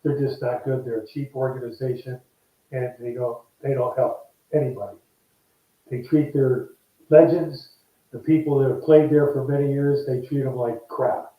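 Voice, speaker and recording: A man's voice: mid-range voice, normal speed. An older man, a former ballplayer, telling stories in a casual interview and acting out the voices in them. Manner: animated, acts out quoted voices. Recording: echoey, distant, dull remote line.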